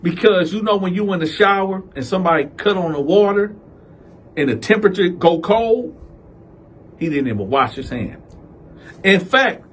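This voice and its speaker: A man hosting a casual storytime, telling a story in an animated, slangy way and acting out the characters. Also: a little high, slightly rough. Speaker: storyteller host.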